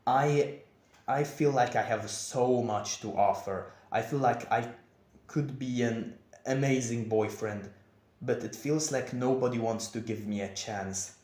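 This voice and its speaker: A young man talking in a confessional vlog, with a monotone, over-enunciated delivery. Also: medium pitch, a little slow. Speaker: vlogger. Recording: echoey room.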